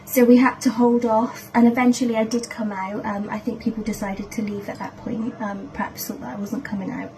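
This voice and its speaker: A woman's voice: a little high, flat delivery, a little fast, hardly any pauses, dark tone, low-quality recording. Emotional, gushing woman vlogger. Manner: gushing, emotional, rambling with restarts. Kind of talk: emotional recap vlog.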